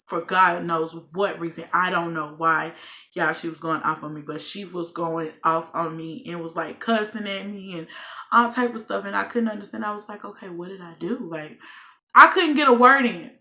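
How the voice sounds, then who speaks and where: A woman's voice: on the low side, moderate pace, bright, forceful tone. A young woman vlogger telling a personal story straight to her viewers, candid and swearing freely. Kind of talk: storytime monologue.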